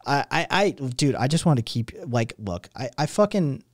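A man's voice: medium pitch, big pitch swings, normal speed, dry recording, studio quality. A young adult man hosting a stream, ranting casually with lots of swearing and rambling restarts. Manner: profane, rambling, exasperated. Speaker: stream host.

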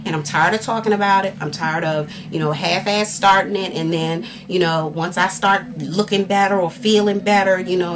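A woman's voice: fairly low pitch, noisy background. A sore, frustrated woman vlogging at home, talking candidly and animatedly in a casual rant to the camera, full of fillers and restarts. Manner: animated, exasperated, candid with fillers and self-interruptions. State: sore and frustrated after a workout. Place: at home, indoors.

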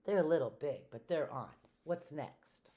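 A woman's voice: low voice, animated, unhurried, mellow. A woman voicing Amelia Bedelia, earnest literal housekeeper.

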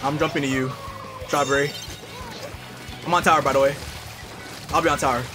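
A man streaming live gameplay, talking to his teammates and viewers and loudly trash-talking opponents. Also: fairly high pitch, brisk, music in the background. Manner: excitable, yells and trash-talks at opponents.

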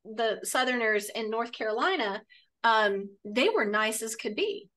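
A woman in her late forties from Florida, a real estate coach chatting in an upbeat, animated way. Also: on the high side, unhurried. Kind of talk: casual coaching conversation.

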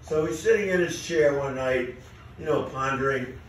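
Halting 90-year-old man telling jokes. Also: medium pitch, heavy reverb, far from the mic, a little hiss or hum, low-quality recording. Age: 90s. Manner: halting delivery with many fillers. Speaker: amateur stand-up comic. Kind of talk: telling joke stories. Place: comedy event venue.

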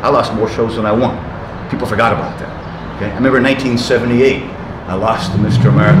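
Reminiscing as an interview guest, a man in his sixties talks fast in a mid-range voice. He's intense, emphatic, and motivational, speaking in punchy bursts, and the roomy recording carries loud traffic noise.

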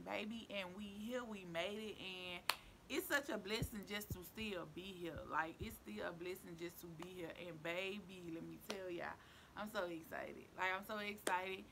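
Gravelly-voiced woman vlogging, chatty and playful, repeats herself a lot. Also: mid-range voice, a little slow, bright, forceful tone, slight background noise. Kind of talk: casual chat to camera.

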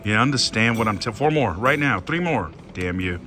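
A man commenting excitedly on his own slot machine play, talking to his viewers and swinging between hushed worry and loud outbursts. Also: lowish voice, moderate pace, a little hiss or hum.

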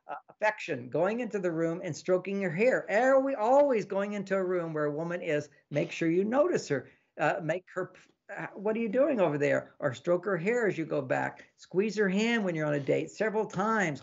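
A man, an author of relationship books, giving casual advice as a podcast guest, animated and fond of acting out little quoted exchanges with a laugh. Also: high-pitched, moderate pace, vocal fry, highs cut off. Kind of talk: casual advice talk in an interview.

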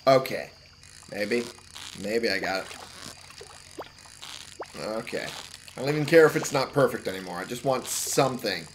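A man giving casual gameplay commentary, muttering to himself and cursing loudly at the game. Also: medium pitch, lively intonation, normal speed, long pauses, background noise. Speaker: let's play gamer.

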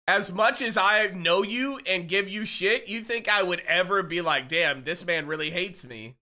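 Lively, bright-voiced male streamer. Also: high voice, moderate pace, hardly any pauses. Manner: loose, swearing, teasing banter with chat; reads chat messages aloud and answers them. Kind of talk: casual chat with viewers.

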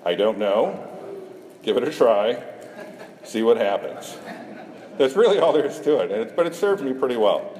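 A man's voice: medium pitch, expressive, moderate pace, pauses often, a little mellow. A middle-aged man from Iowa, a cartoonist giving a self-deprecating conference talk, joking with the audience. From Iowa, USA. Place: conference hall. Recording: echoey hall, faint room noise.

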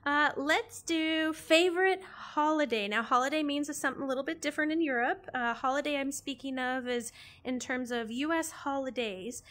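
American lady host, kinda high voice, friendly, laughs a lot. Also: normal speed, fairly bright tone. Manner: friendly, laughs often, asks questions. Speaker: interview host. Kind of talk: casual interview chat.

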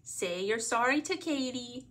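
A kindly storybook mother, coaxing and a little sing-song, breathy and light, read by a woman. She speaks slowly and gently, her pitch lifting at the ends of her questions. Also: expressive. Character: gentle, indulgent mother of two.

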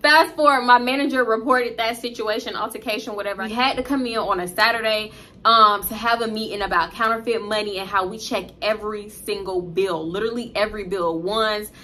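A young woman in her twenties telling a casual, profane work story in an animated, chatty way. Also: mid-range voice, brisk, slight background noise.

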